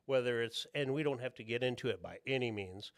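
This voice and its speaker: A man's voice: medium pitch, quick pace, dry recording, studio quality. A man, a tattoo artist guest, talks casually on a podcast, rambling and peppering his stories with "dude" and "you know what I mean.".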